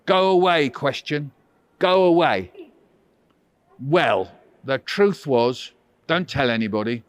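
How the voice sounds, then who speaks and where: A man's voice: mid-range voice, dry recording. Teasing, theatrical man, dry close sound. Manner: teasing, theatrical, mock-huffy. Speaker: children's author leading a school workshop. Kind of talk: playful storytelling talk to children.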